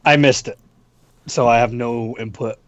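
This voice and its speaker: A man co-hosting a gaming podcast, chatting excitably and swearing casually. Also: mid-range voice, normal speed, dry recording. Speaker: podcast co-host. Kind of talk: casual chat. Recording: dull dry lo-fi mic.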